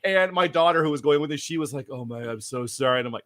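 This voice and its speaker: A middle-aged man hosting a casual chat, an excitable storyteller who acts out quotes loudly. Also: on the high side, quick pace, dry recording. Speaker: show host.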